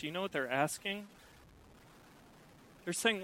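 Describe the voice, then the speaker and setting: A middle-aged man preaching a sermon, lively and acting out the voices he quotes. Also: high-pitched, measured pace, pauses often, low-quality recording. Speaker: pastor.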